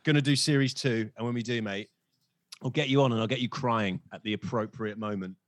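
A comedian guest in casual conversation, telling anecdotes and acting out what people said, laughing often. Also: male voice, medium pitch, steady tone, brisk, no echo. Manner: storytelling, acts out quotes, laughs often. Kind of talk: casual chat.

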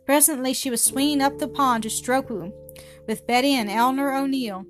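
A woman's voice: sits high, moderate pace. Woman reading a story over music. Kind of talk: scripted narration. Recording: music playing behind the voice.

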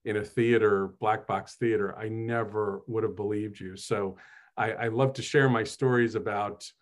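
A man's voice: lowish voice, fairly even intonation, normal speed. A man from New Jersey, a host and author, telling stories in a casual, chatty, self-deprecating way with many fillers. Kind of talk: casual conversational storytelling.

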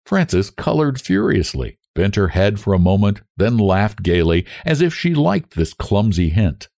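A man reading a novel aloud in measured, expressive storytelling. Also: on the low side, gravelly, dry recording, studio quality. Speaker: audiobook narrator. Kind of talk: scripted narration of a novel.

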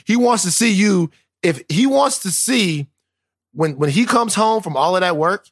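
A man's voice: sits high, lively intonation, a little slow, no room sound, studio quality. A man, co-hosting a podcast in casual, profane, joking banter. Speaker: podcast co-host.

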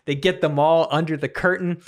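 A man's voice: a little high, fairly even intonation, a little fast. A man hosting a podcast, animatedly improvising a comedic story with giggles and restarts. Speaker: podcast host.

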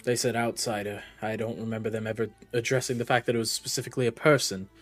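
A man's voice: medium pitch, little pitch movement, fast, soft background music. A man playing a tabletop game, talking things through in a reasoning, matter-of-fact way. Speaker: player.

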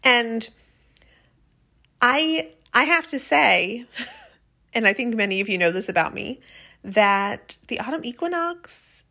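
A woman's voice: a little high, animated, slow pace, pauses often, pushed and bright. Chatty, rambling woman podcast host. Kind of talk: casual podcast monologue.

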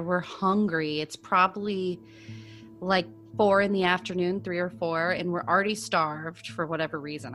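Woman co-host, somewhat low voice, loose rambling storyteller, faint music behind. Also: fairly bright tone. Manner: rambling, frequent "like" fillers. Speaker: podcast co-host. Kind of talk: casual storytelling chat.

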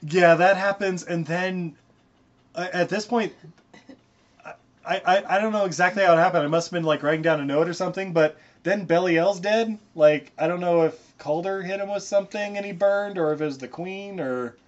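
A man's voice: high voice, moderate pace. A young man hosting a podcast, rambling and laughing through a casual movie recap, sometimes swearing, on a muffled recording. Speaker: podcast host.

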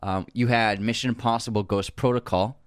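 A man's voice: medium pitch, steady tone, a little fast, clean tone, dry recording. Chatty man on a dry mic. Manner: chatty, laughs often, restarts sentences. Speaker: podcast co-host. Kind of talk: casual film discussion.

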